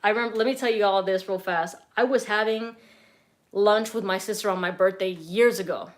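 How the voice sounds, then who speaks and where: A woman's voice: mid-range voice, fairly quick. A young woman from Southern California answering viewer questions in a casual live stream, chatty and blunt, swearing freely. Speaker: fragrance reviewer and streamer.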